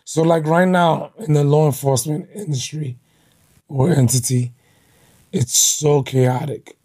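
A man hosting an interview, asking calm, brief questions. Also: on the high side, a little slow, husky.

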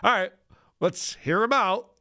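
Sarcastic high-voiced male podcast host. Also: measured pace, over music. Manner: mocking, sarcastic, laughs often. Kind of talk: casual chat.

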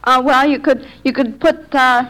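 Woman, hesitant radio quiz contestant, slightly high voice. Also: fairly even intonation, normal speed, sharp tone, low-quality recording. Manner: hesitant, thoughtful. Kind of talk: 1940s radio quiz show.

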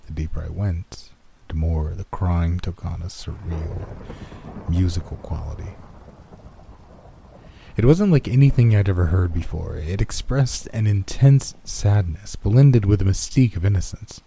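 Deep-voiced man narrating a horror story. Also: unhurried, vocal fry, warm tone, slight background noise.

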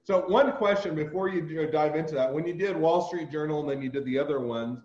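Rambling Utah host, muffled roomy sound. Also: male voice, on the high side, a little fast, darkish tone. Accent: Utah, American. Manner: rambling, filler-heavy, digressive. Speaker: podcast host. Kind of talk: casual interview chat.

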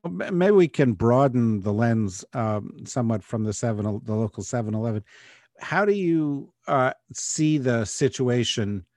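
A man hosting a podcast interview, introducing guests with many halting fillers. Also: mid-range voice, lively intonation, a little mellow, no echo, clean studio sound. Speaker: podcast host. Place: New York City.

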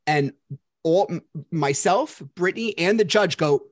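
A man's voice: sits high, unhurried. A man hosting a podcast, telling a story in a casual, profane way and mocking the people he quotes. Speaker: podcast host.

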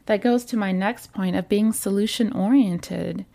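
A woman's voice: medium pitch, measured pace, vocal fry, dark tone. A woman giving casual self-development advice straight to her viewers, earnest and conversational, now and then acting out what other people say. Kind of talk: casual advice talk to camera.

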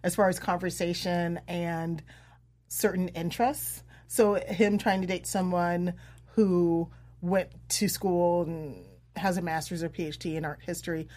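A woman chatting casually as a podcast co-host, easygoing and quick to agree. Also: on the low side, steady tone, darkish tone. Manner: easygoing, agreeable, often says "yes". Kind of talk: casual chat.

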